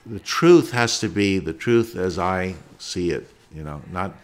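A man's voice: sits low, lively intonation, a little slow. A documentary filmmaker, a man, answering interview questions in a plainspoken, reflective way.

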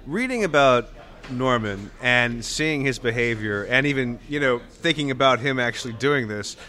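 A man with a bright, forward voice hosts a conversational interview. He builds long questions haltingly, stammering and restarting as he goes. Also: mid-range voice, expressive. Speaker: podcast host, interviewer.

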